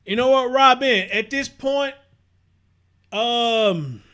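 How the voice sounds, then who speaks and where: With a very high, sharp voice and a slow pace, this Houston-accented man hosts a livestream. His casual commentary is blunt and profane; he repeats himself and reads out viewer comments.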